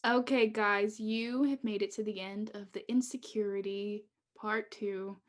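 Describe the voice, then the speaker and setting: A woman's voice: mid-range voice, steady tone, a little slow. A young woman co-hosting a podcast in casual chat, candid and jokey, often breaking into laughter. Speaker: podcast co-host.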